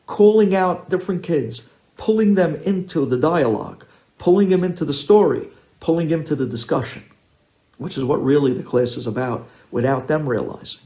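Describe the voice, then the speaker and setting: A rabbi telling a story to an audience, acting out the dialogue in a lively way. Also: male voice, mid-range voice. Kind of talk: storytelling talk.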